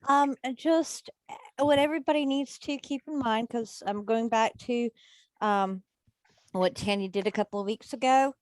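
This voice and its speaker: A woman on a group video call, reflecting thoughtfully with frequent pauses and fillers. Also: a little high, no echo. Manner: reflective, hesitant with many fillers. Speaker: member of an online business group.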